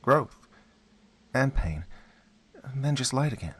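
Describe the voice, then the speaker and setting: A man voicing a little boy in a spoken story, raising his voice to sound young and gentle. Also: medium pitch, lively intonation, slow, slightly rough, pitched above the performer's own voice. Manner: soft, childlike telling. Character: small boy, gentle and sad.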